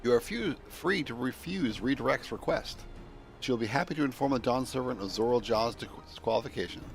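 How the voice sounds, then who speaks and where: A man's voice: mid-range voice, a little fast, gravelly, faint music behind, lightly acted. A man voicing a small, formal male announcer while reading game dialogue aloud, in clipped, proclaiming phrasing.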